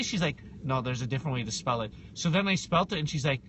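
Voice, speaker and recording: Animated, high-pitched storytelling man. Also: quick pace, hardly any pauses, a little hiss or hum. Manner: animated storyteller, acting out both sides of a conversation, flaring into shouts. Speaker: podcast co-host. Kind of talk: casual podcast chat.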